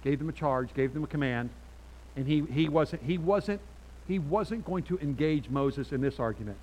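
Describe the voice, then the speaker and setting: A middle-aged man preaching with a voice pitched a little high for a man. He moves between soft, confiding asides and sudden loud, animated stretches. His delivery is conversational, full of restarts and personal stories. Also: moderate pace, slight background noise, rough recording. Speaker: pastor. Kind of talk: sermon.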